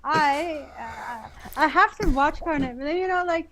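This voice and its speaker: A woman with a Canadian accent, a guest in a casual interview, giggly and animated, often restarting her words. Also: high voice, moderate pace.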